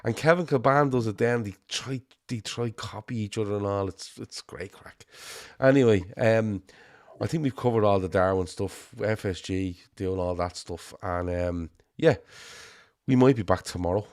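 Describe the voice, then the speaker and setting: A man's voice: fairly low pitch, normal speed, no room sound, studio quality. A man with a Liverpool accent hosting a casual football podcast, chatty and rambling, swearing casually. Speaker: show host.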